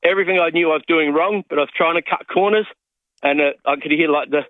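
A man's voice: on the high side, quick pace, no echo. A man in his late fifties, a radio caller, telling a rambling, self-mocking story over the phone. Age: 50s. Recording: tinny phone line.

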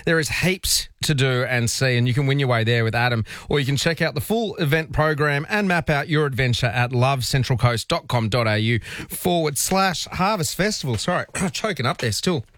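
A man's voice: mid-range voice, animated, normal speed, a bit bright, dry recording, studio quality. A man hosting a radio show, chatting casually and joking about his breakfast and a quiz game. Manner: chatty, joking, loose with fillers. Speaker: radio host.

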